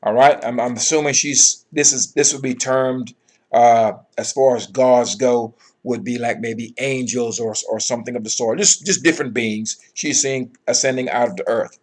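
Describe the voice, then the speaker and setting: Guy doing a bible lesson, mid pitch, reads verses then explains, keeps saying okay, all right. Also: moderate pace, a little mellow. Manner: emphatic, repeats phrases, frequent "okay" and "all right". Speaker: Bible teacher. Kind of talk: scripture reading with commentary.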